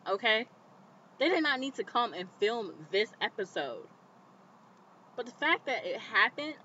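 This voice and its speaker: A woman vlogger recapping a TV episode in casual commentary, animated and indignant, talking straight to the viewer. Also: fairly high pitch, slight background noise. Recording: slightly dull lo-fi recording.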